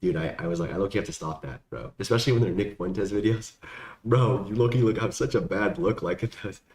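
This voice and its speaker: A young adult man with a fairly low, darkish voice talks a little fast as he casually answers viewer questions. His Q&A chat is rambling and slangy, packed with fillers, and the room is echoey with faint background noise.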